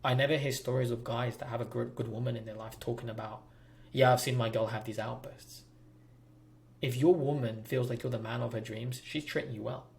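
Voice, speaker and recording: A man's voice: mid-range voice, fairly even intonation, fast talker, gravelly, few pauses, a little mellow. A man hosting a relationship advice talk, speaking bluntly and preachily straight to his viewers. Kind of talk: direct-to-camera advice monologue.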